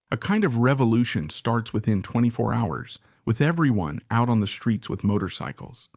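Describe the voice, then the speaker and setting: A man with a gravelly edge to his voice delivers opinionated commentary, leaning hard on his points and stacking rhetorical questions. The sound is close and dry, with no room around it. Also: medium pitch, very animated, moderate pace, hardly any pauses, darkish tone, no echo. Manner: emphatic, repeats points and fires rhetorical questions. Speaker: political commentator. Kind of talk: opinionated current-affairs commentary.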